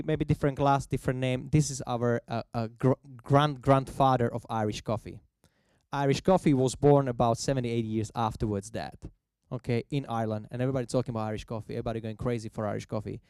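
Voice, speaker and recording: A man giving a festival talk on the history of coffee cocktails, telling it as a lively story in non-native English. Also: medium pitch, smooth, no echo. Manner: lively storyteller who acts out quoted voices.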